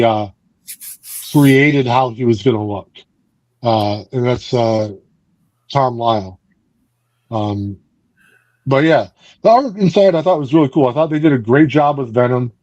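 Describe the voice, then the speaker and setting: A man's voice: medium pitch, measured pace, long pauses, a little mellow, dry recording, highs cut off. Man rambling through a comic recap. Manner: rambling, frequent fillers and restarts. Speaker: book club podcast host. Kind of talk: casual comic book recap and review.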